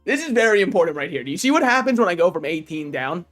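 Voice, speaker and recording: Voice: medium pitch, very animated, fast talker, fairly bright tone, faint music behind. A streamer giving casual gaming commentary, joking, swearing freely and talking back to chat and the game's characters. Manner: talks to chat and game characters.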